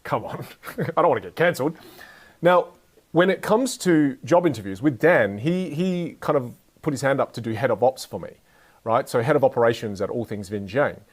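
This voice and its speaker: Young male speaker, energetic and joking, teaching communication to a live audience. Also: medium pitch, moderate pace. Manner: energetic, playful, jokes with the audience. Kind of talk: live motivational talk to an audience.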